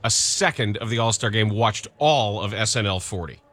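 A man's voice: on the low side, moderate pace, fairly bright tone. A man co-hosting a sports radio show, trading dry, wry jokes in casual banter at an auto show booth. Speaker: radio co-host.

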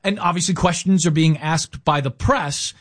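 A man's voice: fairly high pitch, normal speed, no room sound, clean studio sound. A man hosting a casual sports talk show, setting up stories with emphatic, wry banter. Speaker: podcast host.

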